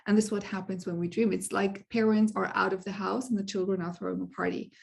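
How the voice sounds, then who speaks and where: Calm, reassuring woman coach. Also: mid-range voice, fast talker, creaky. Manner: calm, reassuring explaining, laughs easily. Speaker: anxiety coach. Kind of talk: casual explanatory talk.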